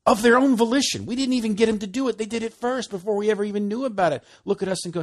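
A man giving a casual, animated sermon, often laughing and acting out conversations. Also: high voice, very fast, few pauses. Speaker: preacher.

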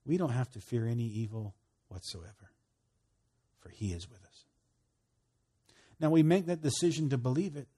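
A man preaching a sermon, emphatic, moving between loud bursts and hushed, quiet lines. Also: a little high, slightly rough. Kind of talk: sermon teaching.

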